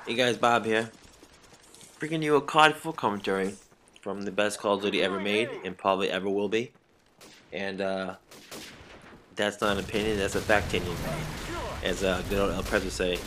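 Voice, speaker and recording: Boston dude, kinda hoarse, lowish voice, rambly game commentary with gunshots going off behind. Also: male voice, bright, forceful tone, a little hiss or hum. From Medford, near Boston, USA. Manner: rambling, self-correcting, swears freely. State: slightly hoarse voice. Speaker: gameplay commentator. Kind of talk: casual gameplay commentary. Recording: gunfire from game audio behind.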